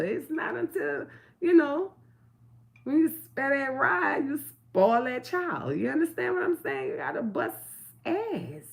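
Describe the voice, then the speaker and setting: Gravelly blunt middle-aged woman. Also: high-pitched. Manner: preachy, blunt and profane, full of rhetorical questions. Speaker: vlogger. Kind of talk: casual talk to camera.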